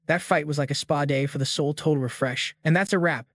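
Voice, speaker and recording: A man narrates a comic recap with a slightly raised pitch and a slangy, hyped-up delivery. The sound is dry and close, with no room around it. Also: fairly even intonation, brisk, a bit bright, no echo. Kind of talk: scripted narration.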